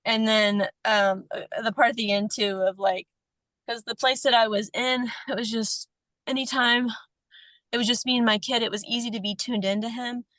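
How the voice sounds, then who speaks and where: Podcast guest, woman, slightly high voice, tender and emotional delivery, dry sound. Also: steady tone, normal speed, a bit bright, no echo. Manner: tender, emotional, laughs often. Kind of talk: reading a personal letter aloud, then casual chat.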